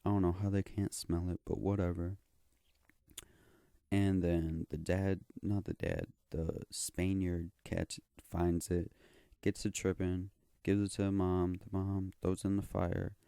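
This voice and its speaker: A man's voice: low-pitched, level tone, a little slow, gravelly, dark tone, no echo, clean studio sound. A young man telling a story in a rambling, profane, slangy way. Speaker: vlogger. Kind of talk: casual storytelling.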